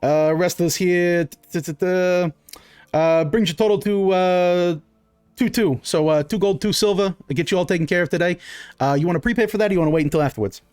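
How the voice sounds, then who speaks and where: A man's voice: high-pitched, brisk, a little mellow, clear, resonant tone, dry recording, voice pushed up, lightly acted. A man voicing a chatty, easygoing male halfling waiter who talks in a folksy, rambling way with lots of fillers.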